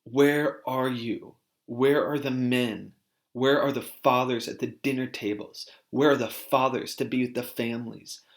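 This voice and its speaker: A man voicing a furious woman shouting at men. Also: steady tone, unhurried, natural voice. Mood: raging. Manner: shouting, accusing, rising in pitch.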